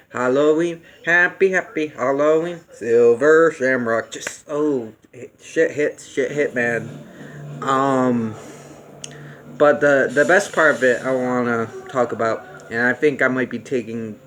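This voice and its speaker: A young man giving a casual spoken movie review, rambling with many fillers and restarts and getting excited about what he likes. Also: mid-range voice, slight background noise.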